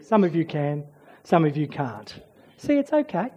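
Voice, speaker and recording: A preacher giving a sermon, swinging between loud urging and hushed near-whispers. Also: mid-range voice, sing-song, normal speed, husky, muffled recording.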